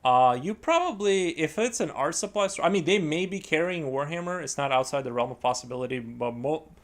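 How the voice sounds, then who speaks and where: A man's voice: fairly high pitch, lively intonation, a little fast. A man live-streaming while he paints, chatting casually in a rambling, hesitant way full of fillers and restarts.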